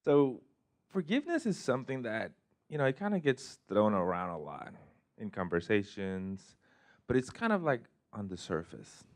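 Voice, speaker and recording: A man with a low voice speaks as a life coach to a live group. He talks into a mic in a joking, conversational way, and his phrasing stays loose and unpolished. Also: very animated, moderate pace. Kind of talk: motivational talk to a live group. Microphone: handheld or stand mic.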